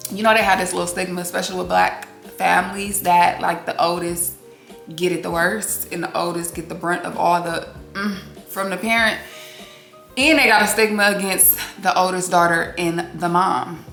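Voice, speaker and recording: A woman giving a casual, candid recap of a reality TV episode, expressive and quick to swear. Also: fairly low pitch, gravelly. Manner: candid, expressive, swears freely, acts out quotes. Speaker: TV recap host. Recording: roomy echo with faint music behind.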